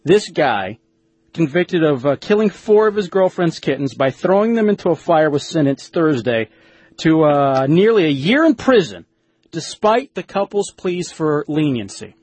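High, lively-voiced male radio host. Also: normal speed, slightly rough, dry recording. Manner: crude joking, laughs at own lines. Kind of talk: casual radio banter.

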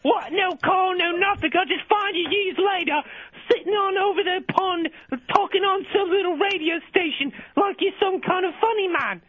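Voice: very high-pitched, moderate pace, dry recording. A caller voicing a crude, mouthy English woman scolding her ex-boyfriend over a phone line. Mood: brash. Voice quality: loud, mouthy, insulting. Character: brash crude London woman, angry ex-girlfriend.

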